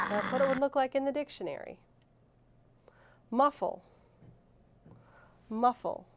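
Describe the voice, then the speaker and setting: A woman teacher leading a recorded reading lesson, saying each word clearly and deliberately for young students. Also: mid-range voice, a bit bright, a little hiss or hum. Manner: clear, slow, deliberate teacher talk with drawn-out words.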